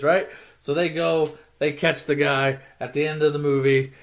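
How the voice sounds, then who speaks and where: A man casually retelling action movies for an online audience, swearing constantly and mocking the plots, jumping into shouted character voices. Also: on the high side, little pitch movement, moderate pace. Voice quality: swears constantly, mocks and rants. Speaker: movie recap storyteller.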